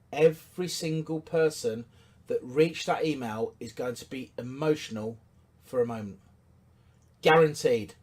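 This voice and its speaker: A man giving a business coaching talk, emphatic and repetitive, asking rhetorical questions and hammering his points. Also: fairly high pitch.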